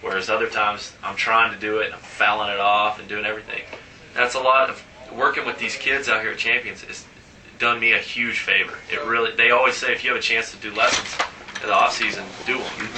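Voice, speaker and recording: A man's voice: fairly low pitch, fairly even intonation, a little fast, recorded from a distance, background noise. A man, a professional baseball player, telling stories in a casual interview and animatedly acting out the dialogue in his anecdotes.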